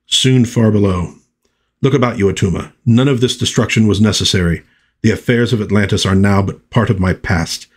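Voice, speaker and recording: A man reading as a proud, stern undersea prince, in slow, formal and lofty speech. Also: fairly low pitch, slightly rough. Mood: scornful.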